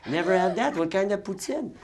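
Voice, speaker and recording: A man's voice: sits high, expressive, a little fast, slight background noise, pitched above the performer's own voice. A man voicing a clueless male therapist with a thick French Canadian accent. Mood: incredulous.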